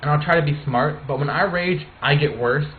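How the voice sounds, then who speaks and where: Man hosting, fairly high voice, lively storytelling, phone-like sound, faint hiss. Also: a little fast. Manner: leads the talk, animated storytelling. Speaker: podcast host. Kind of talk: casual chat. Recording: tinny phone-like line with faint noise.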